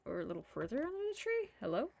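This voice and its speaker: A woman's voice: high voice, huge pitch swings, quick pace, gravelly, darkish tone, a little hiss or hum. A woman streamer chatting through live gameplay, laughing often, swearing freely and muttering to herself. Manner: frequent laughter.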